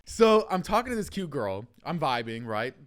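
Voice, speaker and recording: A man's voice: a little high, sing-song, moderate pace. A young man hosting a podcast, telling stories in casual chat and acting out quotes, swearing freely. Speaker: podcast host.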